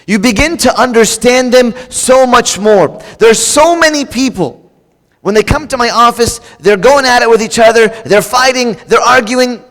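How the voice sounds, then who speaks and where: A middle-aged male pastor preaching a sermon, lively and casual, acting out quoted husbands and wives in raised voices. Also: very high-pitched, normal speed. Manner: animated, acts out quoted spouses in a raised voice. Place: church. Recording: long reverb of a church hall.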